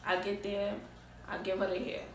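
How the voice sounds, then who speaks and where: Brief: young woman vlogger, casual animated storyteller, set back from the mic in an echoey room. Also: mid-range voice, moderate pace, a little hiss or hum. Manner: casual, slangy, animated retelling. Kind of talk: storytime vlog. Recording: roomy echo, distant mic.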